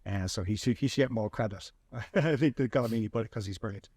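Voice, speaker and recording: An Irish man hosting a podcast, telling animated anecdotes in a casual chat with frequent restarts. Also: on the low side, brisk, slightly rough, dry recording, clean studio sound. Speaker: podcast host and filmmaker.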